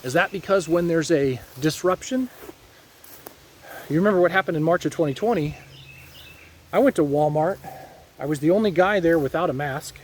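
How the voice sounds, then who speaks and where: A man's voice: fairly high pitch, normal speed, pauses often, slight background noise. A man from Ohio talking casually to his viewers in a rambling, folksy monologue with preachy asides. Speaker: vlogger.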